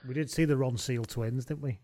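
A man's voice: medium pitch, steady tone, a little fast, mellow. A man co-hosting a casual sports chat, with dry, wry asides and casual swearing. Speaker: podcast co-host.

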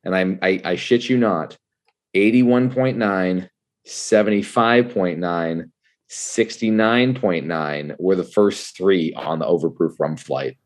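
A man in casual podcast chat, animated and laughing often, who calls people "dude". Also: sits low, slow. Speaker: whiskey content creator and spirits judge.

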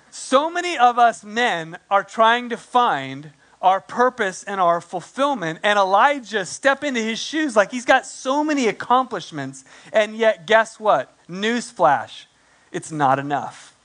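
Male pastor, sermon, high voice, conversational, acts out asides. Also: expressive, slow pace, a bit bright.

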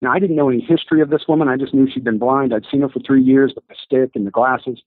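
Husky-voiced man telling an excited story. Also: mid-range voice, fast, no room sound. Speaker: guest telling a faith story. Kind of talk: animated storytelling. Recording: dry, tinny phone-like audio.

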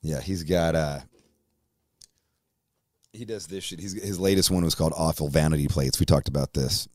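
A man's voice: a bass voice, moderate pace, darkish tone, dry recording. A man hosting a podcast, ranting in an angry, profane way, recorded on a close studio mic. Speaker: host.

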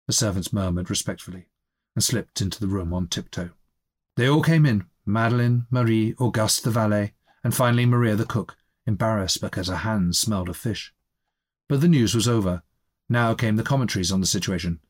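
Low, husky man reading a novel. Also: animated, fairly quick. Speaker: reader of a novel chapter. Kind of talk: literary audiobook reading.

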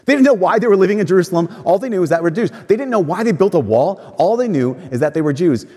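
Brief: man, fairly high voice, husky, casual storytelling sermon in a reverberant church. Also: expressive, quick pace, dark tone. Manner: conversational storytelling, acts out quoted voices.

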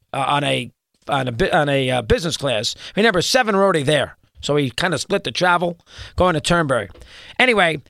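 A rambling male talk show host tells a story at a fairly high pitch, tripping over restarts as he gets worked up. The sound is close and dry, with no room around it. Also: dry recording. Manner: rambling, excitable, many restarts. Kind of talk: storytelling monologue.

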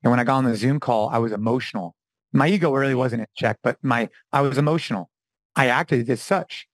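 Guy in his 40s on a podcast, gets animated telling stories, dry sound. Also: mid-range voice, a little fast, dry recording, poor audio. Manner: animated storytelling, acts out quotes. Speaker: podcast guest, former fitness champion and gym owner. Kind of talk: casual interview talk.

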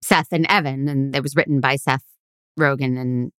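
A woman co-hosting a casual podcast chat, eager and animated, often laughing as she quizzes her friend. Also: rumbling low, moderate pace, clear, resonant tone, no room sound, studio quality. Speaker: podcast co-host.

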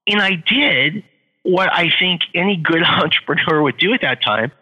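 Middle-aged man, interview guest, animated storyteller, husky and very bright, roomy long-reverb sound. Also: high voice, normal speed, dull audio. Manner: animated, repeats phrases for effect. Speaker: guest, author and entrepreneur.

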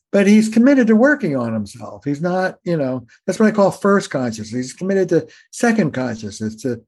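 Animated older male therapist, higher voice. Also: normal speed, few pauses. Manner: animated, emphatic, repeats for emphasis. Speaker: guest, family therapist. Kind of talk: conversational storytelling.

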